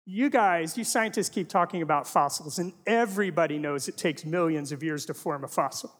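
A man's voice: fairly high pitch, a little fast, close to an everyday voice. A man voicing a skeptical man who protests and interrupts, in a long-reverb hall. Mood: protesting.

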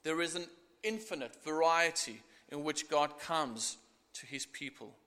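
A middle-aged man preaching a sermon, earnest and expressive, acting out the scripture as he goes. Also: a little high, measured pace. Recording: echoey hall.

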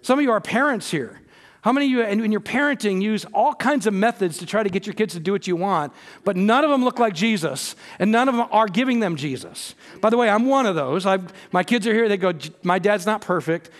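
Earnest high-voiced male pastor preaching. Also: expressive, a little fast. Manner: earnest storytelling, rising to emphatic peaks. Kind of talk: sermon.

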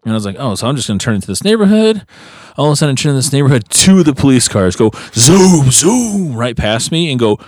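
A man's voice: fast talker, no room sound, clean studio sound. A man co-hosting a podcast, telling a long story in casual chat and acting out the voices he quotes. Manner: animated, acts out quotes with big pitch jumps. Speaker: podcast co-host.

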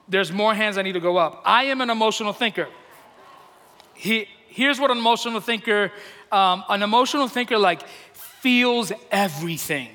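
A man preaching a sermon to a congregation, chatty and self-deprecating, laughing often and getting loud when he is emotional. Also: high-pitched. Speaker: pastor. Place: church hall. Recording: long hall reverb.

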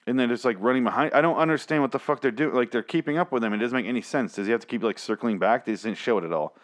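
A man's voice: medium pitch, animated, fast talker, few pauses. A man hosting a podcast, giving a rambling, sarcastic recap of a TV episode with lots of swearing. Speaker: podcast host reviewing a TV episode. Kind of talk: casual spoken recap.

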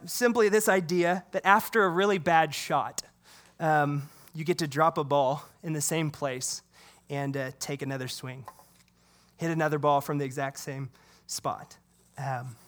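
High-ish voiced preacher guy, lively sermon, talks back and forth with the room. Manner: animated preaching, acts out dialogue, asks the congregation questions. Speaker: pastor.

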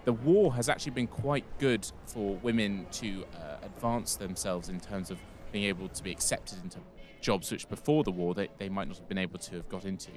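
Low-pitched and darkish in tone, this English podcast host talks a little fast and scarcely pauses. He rambles through casual history chat, self-correcting as he goes.

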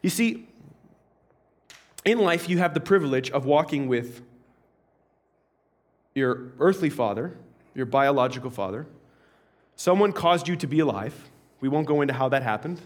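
A man preaching a sermon as an animated, humorous story with frequent asides. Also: mid-range voice, moderate pace, pauses often. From Canada.

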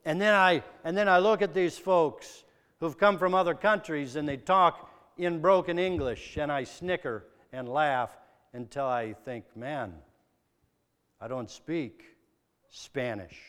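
A preacher from the American Midwest giving a sermon, asking probing, earnest rhetorical questions. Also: male voice, a little high, a little slow, fairly bright tone, smooth, big-room sound.

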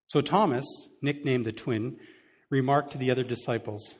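Guy preaching, reads scripture then chats about it, mid-pitched voice, laid-back asides. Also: fairly even intonation, normal speed. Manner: conversational, chuckling asides. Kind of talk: sermon reading scripture with commentary.

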